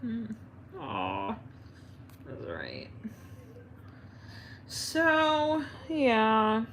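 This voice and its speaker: A woman's voice: a little high, huge pitch swings, drawn-out words, creaky, fairly bright tone, slight background noise. A woman hosting an astrology live stream, chatting in a rambling, giggly way with her viewers.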